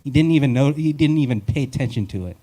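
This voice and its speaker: A male comedian works through a live stand-up set in a wry, rambling way. He pokes fun at himself with a relaxed, self-deprecating delivery. His voice sits at an ordinary middle pitch. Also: fast.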